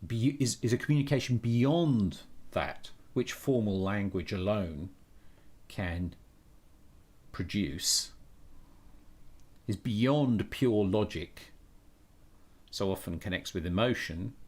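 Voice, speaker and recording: A man's voice: on the low side, slow pace, long pauses, darkish tone, husky. A man talking casually on a live stream, thinking aloud with many restarts and blunt opinions. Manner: thinks aloud, frequent restarts and self-corrections.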